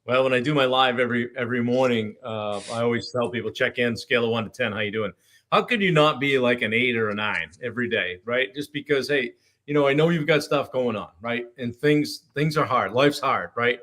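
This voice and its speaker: A man hosting a casual live stream, relaxed and chatty, with frequent fillers and restarts, talking with a guest over a video call. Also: mid-range voice, fairly quick.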